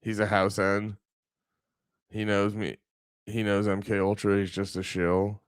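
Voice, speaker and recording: A man's voice: lowish voice, completely flat delivery, a little slow, smooth, no room sound. A man hosting a podcast, ranting casually with lots of swearing and filler words. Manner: rambling, swears a lot, many fillers. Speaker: podcast host. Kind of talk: casual profane podcast rant.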